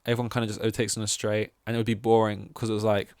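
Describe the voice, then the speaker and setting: A man's voice: fairly low pitch, little pitch movement, rapid-fire, darkish tone, clean tone, dry recording, studio quality. A man hosting a podcast in casual chat, rambling and thinking aloud with hesitant restarts. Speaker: podcast host.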